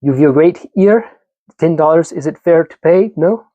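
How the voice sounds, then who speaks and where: Guy doing a big theatrical russian lady, high voice, hammed up accent. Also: unhurried, mellow, no room sound, lo-fi sound. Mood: dramatic. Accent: put-on Russian. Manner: exaggerated, overly theatrical delivery. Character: melodramatic Russian woman, theatrical and dramatic.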